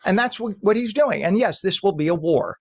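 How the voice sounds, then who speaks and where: A man's voice: animated, fairly quick, gravelly. Indignant male morning show host. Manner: indignant, ranting, pitch jumps when heated. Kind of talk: opinionated news commentary.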